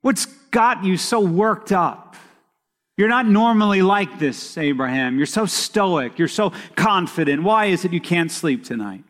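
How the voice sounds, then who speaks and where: A man voicing a worried, tender wife who gently coaxes her husband to say what is wrong. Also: high voice, lively intonation, unhurried, long reverb tail. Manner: coaxing, gently questioning. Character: Sarah, worried wife of middle age, tender.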